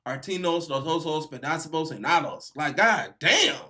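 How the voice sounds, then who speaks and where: A man hosting a casual reaction video, animated and profane, laughing and breaking into shouts. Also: fairly high pitch, moderate pace.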